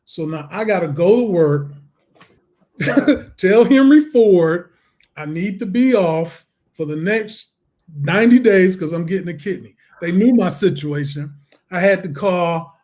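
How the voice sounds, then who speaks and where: A man, a guest on an interview show, telling his story in a lively way, acting out the voices and laughing often. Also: high voice. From Detroit, USA.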